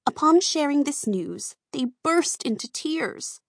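A woman reading a children's storybook aloud, slow and expressive. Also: high-pitched, gravelly, dry recording, studio quality. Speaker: narrator.

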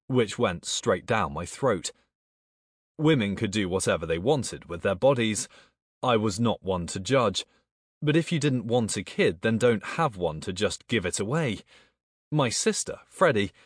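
A man's voice: on the low side, husky, no echo, studio quality. A man narrating a first-person audiobook, with a tense inner monologue full of swearing.

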